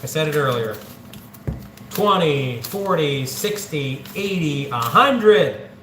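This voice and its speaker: A slightly high, expressive voice moves at a slow pace as the central Ohio channel host jokes and counts money out loud on a casual stream. The echoey room has faint ambience and a noisy background.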